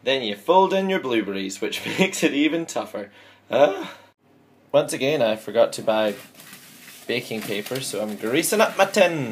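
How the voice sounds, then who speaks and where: A man's voice: mid-range voice, sing-song, normal speed. A man chatting through a home-baking vlog, upbeat and self-mocking as he works in his kitchen. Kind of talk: casual baking vlog chat.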